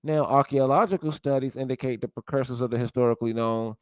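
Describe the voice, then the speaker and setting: Man giving a casual lecture to his viewers, mid-pitched, dry sound. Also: fairly even intonation, fast talker, clear, resonant tone, no echo. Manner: lecturing, searches aloud, addresses viewers as y'all. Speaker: commentator. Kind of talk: casual commentary while browsing sources.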